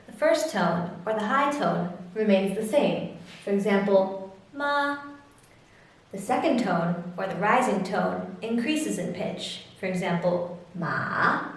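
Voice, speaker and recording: Slow, careful female teacher. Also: mid-range voice, animated, very echoey, distant mic. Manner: slow, careful, demonstrates sounds. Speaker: language teacher. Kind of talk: slow instructional explanation.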